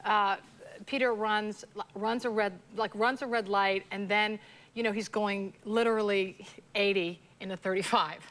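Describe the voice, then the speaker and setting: A woman in her forties from the US West Coast, a TV actress telling a lively story as a talk show guest, acting out voices and laughing. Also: medium pitch, unhurried. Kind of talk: casual chat, anecdote telling. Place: TV studio with audience.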